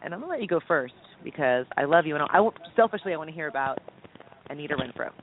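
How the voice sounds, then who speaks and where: A man co-hosting a casual radio chat, quick and jokey, excitable in his delivery. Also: fairly high pitch, noisy background. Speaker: co-host. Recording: tinny phone-like radio sound.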